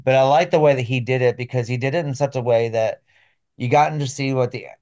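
A man hosting a book podcast, reading a plot synopsis and then discussing the book in loose, halting speech. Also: medium pitch, darkish tone. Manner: hesitant, restarts often when talking freely. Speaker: podcast host.

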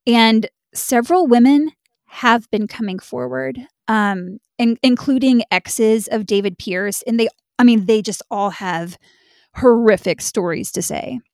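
Casual blunt woman, slightly high, dry sound. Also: lively intonation, measured pace, darkish tone, no echo. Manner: casual, blunt, swears freely. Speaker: podcast co-host. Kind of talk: true crime podcast chat.

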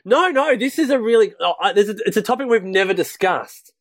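Chatty, higher-voiced man. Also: expressive, brisk. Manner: chatty, laughs often, rambling asides. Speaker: podcast co-host. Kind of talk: casual chat.

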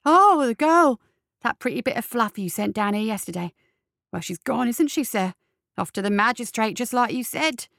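A woman voicing an amiable, chatty lower-class male jailer with rough common speech. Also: normal speed, no room sound, studio quality, natural voice. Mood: cheerful.

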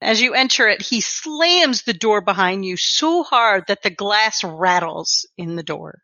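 A woman runs a tabletop game, laying out each scene with steady description. Her voice is bright and forceful. The recording is dry with a slightly muffled tone. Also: medium pitch, unhurried, no room sound. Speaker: game master.

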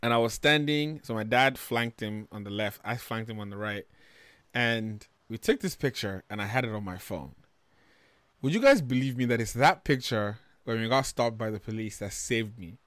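A man from Nigeria, telling stories in a casual, animated way, swearing freely and getting loud when he retells arguments. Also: lowish voice, moderate pace, no room sound. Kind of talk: casual storytelling chat.

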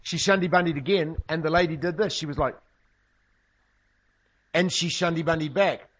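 A man's voice: fairly high pitch, moderate pace, breathy edge, highs cut off. A man preaching a sermon, telling stories with humorous asides. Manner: humorous storytelling, lively asides. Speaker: pastor.

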